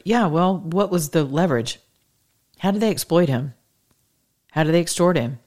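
A middle-aged woman hosting a political talk show, speaking in an animated, sassy monologue full of rhetorical questions. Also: lowish voice, moderate pace, pauses often. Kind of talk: opinionated monologue to listeners.

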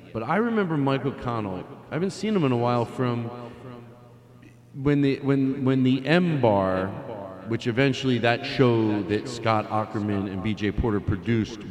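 A man's voice: medium pitch, normal speed, a crowd in the background. A man hosting a comedy podcast, chatting casually and trailing off with fillers as he sets up a song. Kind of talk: casual storytelling. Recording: roomy with long reverb.

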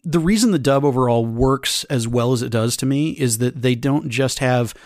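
A man's voice: mid-range voice, moderate pace, darkish tone, no room sound, studio quality. A man on a podcast panel, talking casually about a film dub.

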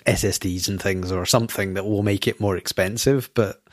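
A man's voice: on the low side, steady tone, fairly quick, dry recording. A Scottish man co-hosting a podcast, chatting casually with a dry, wry teasing delivery. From Scotland. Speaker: podcast co-host. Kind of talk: casual chat.

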